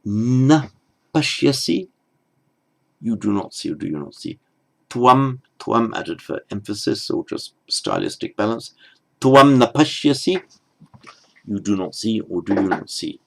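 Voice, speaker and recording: A man teaching at a very unhurried pace, his low voice gravelly with fry. He goes through the text bit by bit, stressing each foreign word slowly and clearly before he explains it. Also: sing-song, a bit bright. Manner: slow, careful, stepwise explaining; pronounces foreign words slowly with emphasis. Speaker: Sanskrit teacher. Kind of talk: lecture.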